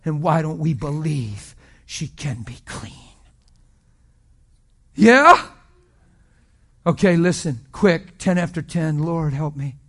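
A man's voice: on the high side, unhurried, few pauses. Passionate preaching man. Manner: passionate, swings from hushed to shouting. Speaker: pastor. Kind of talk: sermon.

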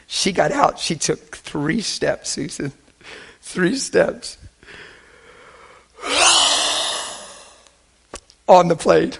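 A male preacher with a fairly high voice tells stories from the pulpit. He swings from hushed, tender moments to loud, lively bursts, keeping the delivery animated throughout. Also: very slow, creaky, long pauses, slightly rough. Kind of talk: sermon storytelling.

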